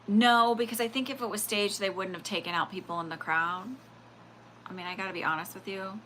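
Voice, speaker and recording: A woman's voice: mid-range voice, a little fast, a little hiss or hum. A woman hosting a spiritual reading livestream, rambling in a casual way with lots of fillers and quoted asides. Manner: rambling, animated, full of fillers and acted-out quotes.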